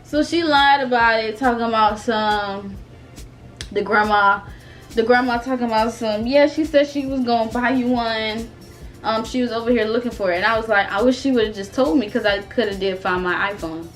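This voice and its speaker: A young woman in her twenties tells a casual storytime straight to her audience. She talks in an animated, profane way and laughs often, with faint music underneath. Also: a little high, moderate pace. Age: 20s. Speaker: vlogger.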